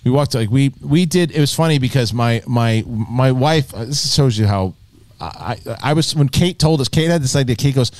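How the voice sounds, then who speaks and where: A man's voice: mid-range voice, moderate pace, dry recording. A man hosting a casual live panel show, telling stories with lots of swearing and laughter. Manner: animated storytelling, swears, laughs often. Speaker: podcast host.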